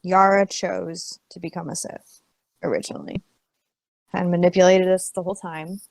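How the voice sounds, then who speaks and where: A woman with a lowish voice and a dry, close sound, playing her character in a tabletop game. She asks questions as she goes and often starts her sentences over. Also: flat delivery, moderate pace, vocal fry, a little mellow, no room sound, poor audio. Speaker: player. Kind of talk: in-character roleplay chat.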